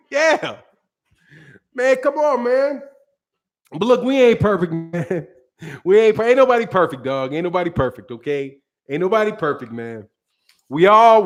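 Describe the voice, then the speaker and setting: A man with a strikingly high voice hosts a boxing live stream. He talks loose and slangy, swears freely, laughs a lot and answers his chat. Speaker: boxing channel host. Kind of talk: casual live-stream commentary.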